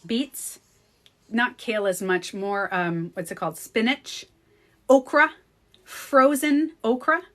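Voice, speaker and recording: A woman's voice: on the high side, animated, slow pace. A woman with a French Canadian accent, a native French speaker, telling a story in a casual vlog. She chats with her viewers and laughs often. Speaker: beauty coach vlogger.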